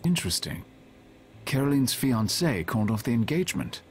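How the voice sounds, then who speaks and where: A curt, sardonic dealer. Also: male voice, mid-range voice, big pitch swings, moderate pace. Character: brusque male antiques dealer, dry and impatient.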